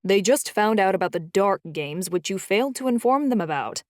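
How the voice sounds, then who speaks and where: A woman voicing a booming, playful middle-aged male dragon-shifter uncle who teases and scolds. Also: lively intonation, moderate pace, a little mellow, no room sound, studio quality, close to an everyday voice. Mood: scolding. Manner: teasing, scolding.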